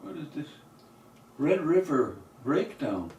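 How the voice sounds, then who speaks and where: An older man telling a folksy story in a rambling, unhurried way, filling gaps with "you know" and "uh", heard from a distant mic in an echoey room with faint accordion behind. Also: fairly high pitch, big pitch swings, a little mellow, highs cut off, a little hiss or hum. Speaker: storyteller and singer.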